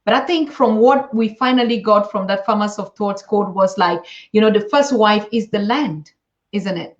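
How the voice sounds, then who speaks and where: A woman interviewing a guest, halting and restarting as she searches for her words. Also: medium pitch. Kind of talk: conversational interview. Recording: echoey, dull lo-fi sound.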